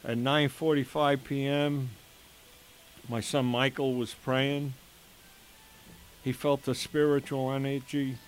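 An older man slowly telling his own emotional story as a father, in an earnest way with quoted dialogue. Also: medium pitch, level tone. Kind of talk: personal testimony storytelling. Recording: faint hiss behind the voice.

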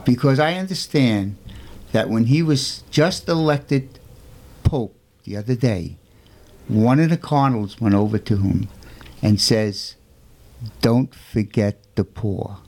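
A man in a middle-pitched voice telling a saint's story on a talk show. He speaks conversationally and punches key points with emphatic rhetorical questions. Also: expressive, unhurried, darkish tone.

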